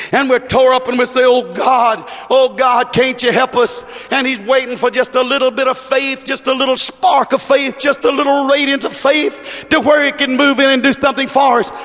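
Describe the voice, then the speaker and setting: Fervent preacher with a high voice. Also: male voice, little pitch movement, moderate pace. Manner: fervent, rhythmic, rising to shouts. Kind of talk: sermon. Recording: long reverb of a large hall.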